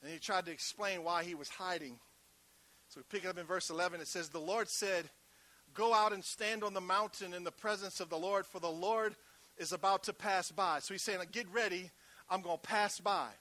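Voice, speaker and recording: A man preaching with a high, bright voice that carries. He moves from loud, emphatic calls down to soft, hushed passages, drawing the congregation in with quick conversational asides. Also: fairly even intonation. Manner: conversational, uses call-and-response asides. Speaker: pastor. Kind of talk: sermon.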